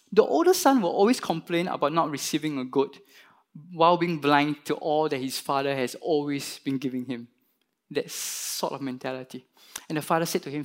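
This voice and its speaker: A man preaching a sermon, retelling a parable and acting out its characters with lively emphasis. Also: on the high side, brisk. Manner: animated, voices the parable's characters with rising emphasis. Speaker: pastor.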